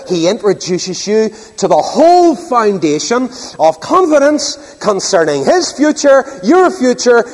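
A man's voice: high voice, darkish tone. An older man preaching a sermon, emphatic and full of rhetorical questions. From Northern Ireland. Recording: long hall reverb.

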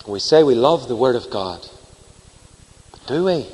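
A man's voice: mid-range voice, measured pace, breathy edge. A middle-aged man preaching a sermon, acting out dialogue in different voices. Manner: animated, acts out dialogue in voices. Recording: long hall reverb.

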